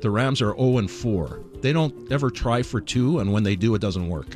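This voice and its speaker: A man's voice: mid-range voice, moderate pace, darkish tone, faint music behind. A man hosting sports talk radio, musing conversationally and wryly about the day's games.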